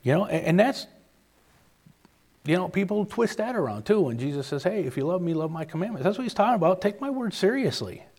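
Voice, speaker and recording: Emphatic man preaching a lively sermon. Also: high-pitched, fast talker. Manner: emphatic, repeats key phrases, acts out quoted voices.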